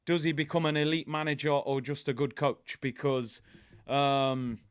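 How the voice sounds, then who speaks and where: A man with a London accent hosts a casual live watch-along, talking in an animated, chatty way as he reads viewer comments aloud. His voice sits a little higher than most men's. The sound is dry, with no room echo. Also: moderate pace, smooth. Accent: London English. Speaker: host.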